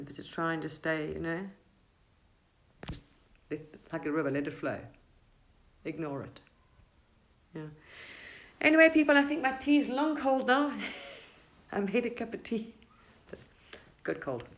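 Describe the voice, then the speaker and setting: A middle-aged woman chats casually on a live stream, offering gentle spiritual advice in a rambling, restarting way. Her voice sits a little low. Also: gravelly, low-quality recording. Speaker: livestream host.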